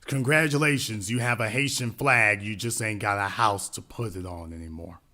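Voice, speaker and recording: A man's voice: fairly low pitch, normal speed, sharp tone. A man hosting a casual discussion, talking bluntly and repeating his points for emphasis. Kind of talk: casual live-stream discussion.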